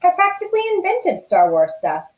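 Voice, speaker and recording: A woman's voice: extremely high pitch, wildly swooping pitch, a little fast, roomy sound, voice pushed up, exaggerated voice, rough recording. A woman reading aloud, voicing a friendly, upbeat male ear doctor who reassures and explains. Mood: joking.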